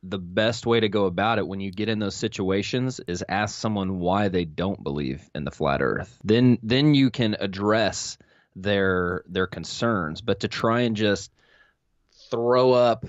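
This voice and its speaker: Lowish voiced guy on a podcast, calm and thoughtful, dull dry sound. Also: unhurried, dry recording. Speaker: podcast co-host. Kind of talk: casual podcast chat.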